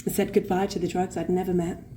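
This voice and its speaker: A woman's voice: fairly low pitch, level tone, quick pace, noisy background. A woman with a London accent giving a live personal recovery share at a convention, swearing freely and acting out the other voices in her story. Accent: London English. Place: convention hall with an audience.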